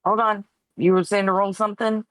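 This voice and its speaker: A woman's voice: medium pitch, little pitch movement, fairly quick, no echo. A woman player in a tabletop game, chatting casually and swearing freely. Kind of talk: casual chat.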